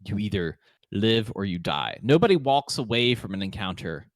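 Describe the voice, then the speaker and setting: A man's voice: on the low side, big pitch swings, normal speed, no echo. A man co-hosting a gaming podcast, chatting casually and joking, with rambling sentences full of fillers. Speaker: podcast co-host. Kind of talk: casual chat.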